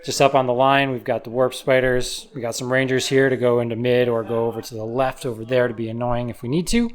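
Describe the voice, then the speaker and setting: A man's voice: medium pitch, level tone, fast talker. Laid-back man talking through a game. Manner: laid-back, filler-heavy, explains deployment. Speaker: co-host player. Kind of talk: casual battle report talk.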